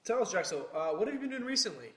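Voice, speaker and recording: Quick-talking male co-host. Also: high voice, big pitch swings, a bit bright, roomy sound. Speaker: radio show co-host. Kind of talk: comedic radio show hosting.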